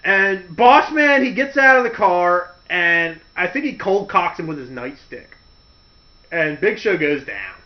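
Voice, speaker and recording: Guy host telling stories, lots of pitch swings, dull lo-fi sound. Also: a little slow. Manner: animated, laughing, full of impressions. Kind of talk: casual comedic storytelling. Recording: dull lo-fi recording.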